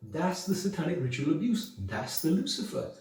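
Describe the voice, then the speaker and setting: Man lecturing viewers, mellow voice, heavy room echo, a step back from the mic. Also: sits high, big pitch swings, brisk, far from the mic. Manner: emphatic, preachy, full of rhetorical questions. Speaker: video blogger. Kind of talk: monologue to camera.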